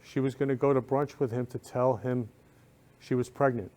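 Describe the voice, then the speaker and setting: A man's voice: medium pitch, fairly even intonation, moderate pace, darkish tone. Effusive male talk show host. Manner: effusive, repeats phrases with feeling. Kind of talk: emotional casual talk show.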